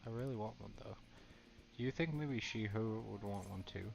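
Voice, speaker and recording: A man's voice: lowish voice, normal speed, gravelly, a little mellow. A man reading as a cheerful teenage girl model. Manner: reading dialogue aloud plainly. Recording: dull lo-fi, faint game music.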